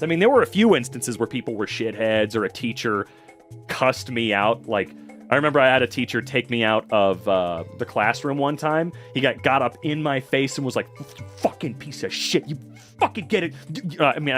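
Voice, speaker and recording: A young adult man chatting on a livestream, reacting to chat, excitable, swearing and laughing often. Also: mid-range voice.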